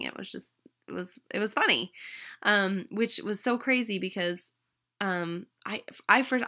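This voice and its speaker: A young adult woman casually telling a personal story to the camera, chatty, with many ums and restarts and animated quoted lines. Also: medium pitch. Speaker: vlogger.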